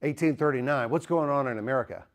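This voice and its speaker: A man giving a lively apologetics lecture, joking and asking the audience questions. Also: medium pitch, fast talker. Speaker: speaker.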